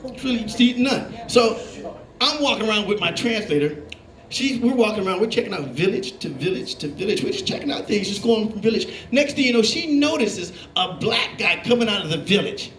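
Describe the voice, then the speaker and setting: High-voiced comedian telling stories on stage. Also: male voice, a little fast. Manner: animated storytelling, acting out voices, laughing along. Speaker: stand-up comedian. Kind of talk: stand-up comedy set. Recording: roomy club with live audience. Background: audience laughing.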